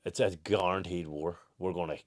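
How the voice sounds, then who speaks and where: A young man with a Northern Irish accent, telling stories in casual podcast chat, swearing freely and laughing loudly. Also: low voice, fairly even intonation, brisk, no room sound, studio quality. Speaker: podcast co-host, boxer.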